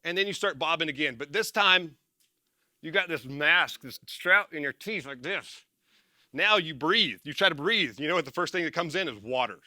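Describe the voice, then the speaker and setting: A man talks an audience through a tough training drill in a loose, energetic way, stumbling and correcting himself as he goes. His voice is very bright and a little high for a man. The sound is close and dry. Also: normal speed, no echo. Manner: energetic, rambling, self-correcting, laughs at himself. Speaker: former military speaker and success coach. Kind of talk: casual motivational talk to an audience.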